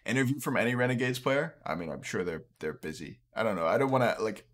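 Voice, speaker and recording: A man's voice: on the low side, animated, fast, a bit bright. Rambling tipsy young man streaming. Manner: rambling, trails off, frequent restarts. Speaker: streamer and caster. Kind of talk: late-night casual stream chat.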